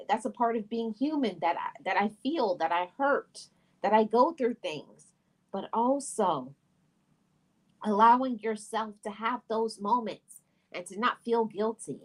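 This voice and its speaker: A woman's voice: a little high, rough recording. A middle-aged woman hosting a heartfelt self-help talk, speaking earnestly and emphatically and repeating phrases for stress. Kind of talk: heartfelt personal talk to camera.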